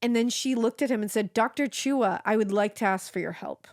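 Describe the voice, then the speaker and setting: A woman co-hosting a podcast, telling a true-crime case in a casual, animated way, swearing freely and acting out the quotes. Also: fairly high pitch, brisk, no room sound, clean studio sound.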